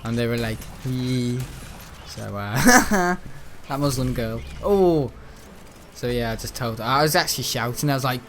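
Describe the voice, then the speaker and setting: A young gaming channel host tells school stories while he plays, rambling casually and mimicking the people in them. His voice is medium-pitched, animated, a little slow and fairly bright, with a touch of hiss or hum.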